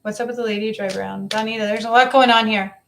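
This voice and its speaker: A woman's voice: fairly high pitch, steady tone, fast talker, vocal fry, slight background noise. A woman giving a live psychic reading to a viewer, talking in a coaxing, repetitive way and circling back over the same phrases. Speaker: psychic reader.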